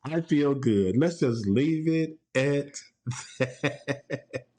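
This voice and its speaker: A man's voice: a little high, expressive, extremely slow, mellow. A man hosting a casual solo podcast from home, playful and laughing often as he talks. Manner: playful, laughs often, quotes TV clips in put-on voices. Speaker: podcast host.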